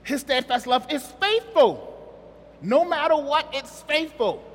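Brief: a chatty male preacher who jokes with his church, pitched very high, echoing through a large sanctuary. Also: sing-song, a little slow, fairly bright tone. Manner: conversational, joking, asks the congregation questions. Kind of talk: sermon.

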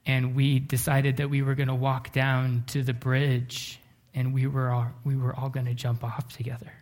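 A man preaching a sermon, telling a story earnestly, slowing down and dropping to a hush for emphasis. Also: medium pitch, monotone. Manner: earnest, often slows down and drops to a hush for emphasis. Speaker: pastor.

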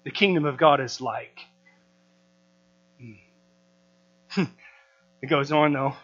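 A man's voice: mid-range voice, slow, fairly bright tone. An American man preaching a sermon to a live audience, emphatic and full of rhetorical questions, on a dull lo-fi recording with mains hum. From United States.

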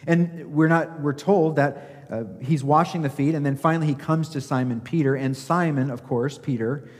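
A man's voice: fairly high pitch, fairly even intonation, normal speed, darkish tone, big-room sound. A man preaching a sermon as pastor, emphatic, asking his listeners rhetorical questions and acting out scripture quotes.

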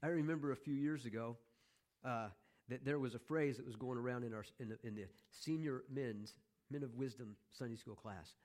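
A middle-aged man preaching a sermon, emphatic, repeating key phrases and slowing down to stress them. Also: medium pitch, a little mellow. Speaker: pastor.

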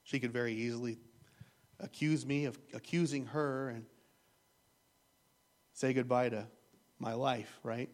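A man's voice: mid-range voice, fairly even intonation, a little slow, pauses often. A man preaching a sermon as pastor, retelling a story in an earnest, emotional way.

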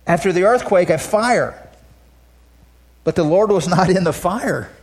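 A male pastor preaching a sermon. He moves from loud, emphatic declarations to soft, hushed asides and often repeats words as he restarts phrases. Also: high voice, lively intonation, a little slow.

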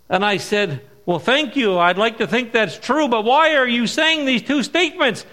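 A middle-aged man preaching at a missions conference, telling stories and stressing key words slowly. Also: extremely high pitch, sharp tone. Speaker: missionary speaker. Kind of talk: sermon with storytelling.

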